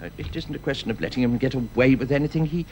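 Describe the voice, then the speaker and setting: An actor playing a calm, wise older grandfather who speaks in a measured, reassuring way in a radio drama. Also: mid-range voice, a little hiss or hum, close to an everyday voice.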